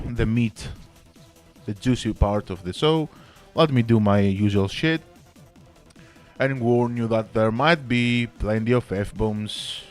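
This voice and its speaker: A man's voice: lowish voice, a little mellow. A man hosting his own show in a casual monologue, theatrical and jokey, swearing freely, speaking into a home mic. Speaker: podcast host.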